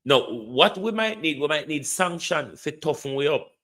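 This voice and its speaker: A man's voice: fairly high pitch, lively intonation, moderate pace, fairly bright tone. A Jamaican man hosting a commentary show, making impassioned appeals to the government and answering listeners. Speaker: host.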